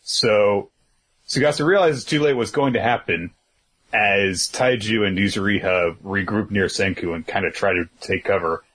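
A man in a casual talk, retelling a story with animated energy and acting out lines. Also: lowish voice, normal speed, husky. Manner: animated storytelling, acts out quotes, swears casually. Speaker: podcast co-host recapping a manga chapter.

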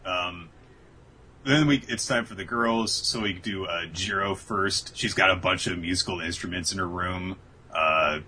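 A man's voice: low voice, a little slow, pushed and bright, a little hiss or hum. A man casually discussing an anime episode as a podcast co-host, acting out character lines with swearing and laughter.

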